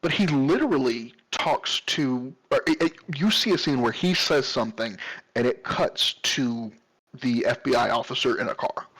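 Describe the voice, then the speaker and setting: Man, husky voice, podcast co-host, casual chat, questioning tone. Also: mid-range voice, lively intonation, moderate pace, a bit bright, poor audio. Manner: questioning, detail-focused.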